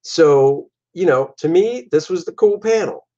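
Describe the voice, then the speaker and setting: A man casually walks through his own comic pages, animated and chatty, often slipping into voices for his characters. The recording sounds dull and lo-fi. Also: a little high, a little slow. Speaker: comic artist and show host.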